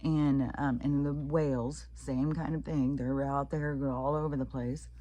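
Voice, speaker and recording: Very low, husky-voiced woman rambling. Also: steady tone, a little slow, warm tone, no room sound. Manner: profane, rambling, frequent fillers. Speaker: vlogger. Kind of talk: casual rambling monologue.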